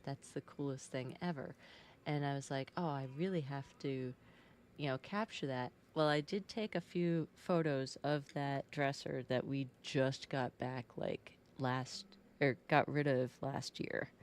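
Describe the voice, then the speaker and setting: A woman painting on a live stream, chatting casually as she greets her viewers and talks to her cat. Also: deep voice.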